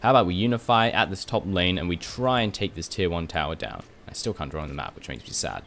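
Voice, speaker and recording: A man giving rapid play-by-play commentary on a video game match, getting louder and higher in the big fights. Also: gravelly, slight background noise. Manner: rapid, excitable, rises sharply in big fights. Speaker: esports commentator.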